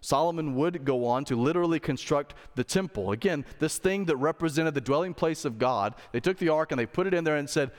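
A pastor preaches a conversational sermon in a church sanctuary, throwing rhetorical questions at the congregation. His voice is on the high side, brisk with few pauses, and the hall gives it a long reverb.

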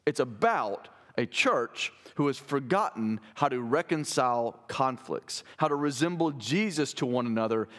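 A man preaching a sermon in a conversational way, asking his listeners rhetorical questions. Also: mid-range voice. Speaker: pastor.

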